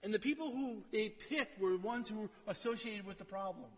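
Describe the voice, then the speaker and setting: A man's voice: sits high, normal speed, in a large hall. A male pastor preaching a conversational sermon, who often checks in with his listeners by asking "right?".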